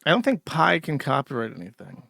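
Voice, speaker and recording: A man's voice: on the high side, huge pitch swings, fairly quick, vocal fry, bright, forceful tone, dry recording, studio quality. A man hosting a podcast, giving crude, profane, sarcastic commentary as he reacts to online content. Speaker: podcast host. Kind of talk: casual commentary.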